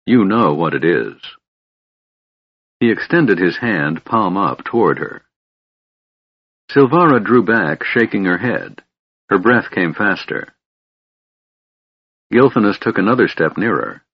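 A man narrating a fantasy novel in a measured, steady way. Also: on the low side, breathy edge, no echo, lo-fi sound. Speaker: audiobook narrator.

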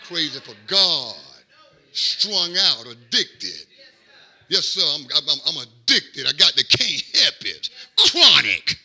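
Fiery preacher with a lively, gravelly voice. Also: male voice, a little high. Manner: preaching with swings from quiet to shouting, drawn-out emphasis; call-and-response, repeats phrases. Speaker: pastor. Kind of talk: sermon.

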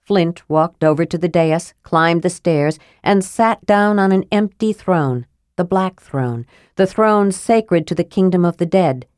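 Low-voiced woman reading a fantasy audiobook. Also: measured pace, darkish tone, no echo, studio quality. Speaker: audiobook narrator. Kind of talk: scripted fantasy narration.

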